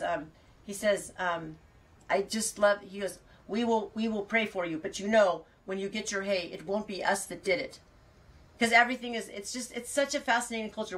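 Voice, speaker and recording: A woman's voice: fairly low pitch, fairly bright tone, recorded from a distance, low-quality recording. Rambling chatty woman, a bit off-mic. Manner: rambling, many restarts and asides. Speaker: farmer and fiber podcast host. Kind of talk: casual chat to live viewers.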